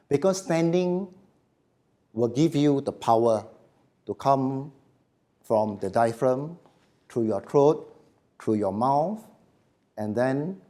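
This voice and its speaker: A man giving a voice workshop to a live audience, speaking slowly and emphatically and letting his phrases drop quietly at the end. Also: mid-range voice. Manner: slow, emphatic, dropping to quiet endings. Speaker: voice coach.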